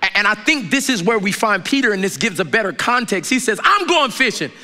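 A man preaching a sermon in a lively, conversational way, bantering and trading questions with the congregation. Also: high voice, fast. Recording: reverberant hall with faint noise.

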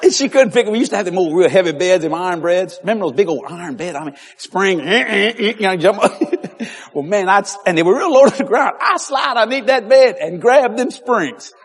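Animated Cajun man preaching with laughter. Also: high-pitched, brisk, husky. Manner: animated, laughing through his stories. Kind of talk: humorous preaching with storytelling.

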